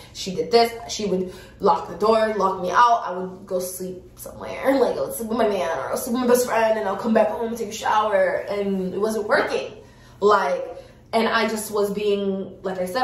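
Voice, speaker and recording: A woman's voice: mid-range voice, recorded from a distance. Frank young woman in an echoey room. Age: early 20s. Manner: frank and animated, swears freely, addresses viewers directly. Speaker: vlogger. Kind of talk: casual storytime chat.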